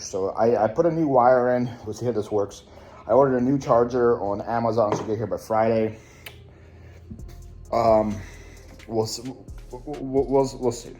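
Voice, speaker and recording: A young man chatting excitably to camera in a casual vlog, thinking aloud as he opens mail at home. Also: medium pitch. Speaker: reselling vlogger. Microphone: phone camera.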